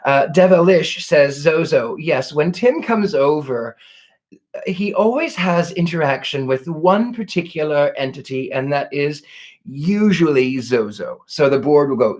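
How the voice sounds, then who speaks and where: Man, psychic hosting a live Q&A, genteel, effusive, fairly high-pitched voice. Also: expressive, measured pace. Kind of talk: live question-and-answer chat.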